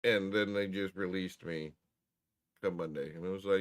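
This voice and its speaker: A man's voice: sits low, fairly even intonation, moderate pace. A man telling a story in casual chat, profane and wry.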